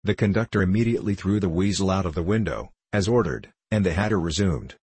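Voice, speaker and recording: A man reading a storybook aloud in an even, unhurried narration. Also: low-pitched, breathy edge, dry recording. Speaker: audiobook reader.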